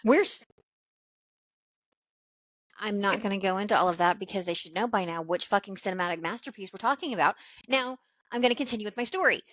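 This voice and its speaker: A woman's voice: mid-range voice, brisk, long pauses, a bit bright, dry recording, highs cut off. A woman co-hosting a podcast, telling a story in casual, profane chat. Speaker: podcast co-host.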